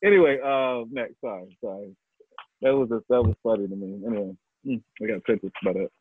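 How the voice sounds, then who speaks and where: A man joking and laughing through a comedy set on a video call, full of quick bursts of high mocking voices. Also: breathy edge, dry recording. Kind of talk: casual banter. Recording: tinny phone-like call audio.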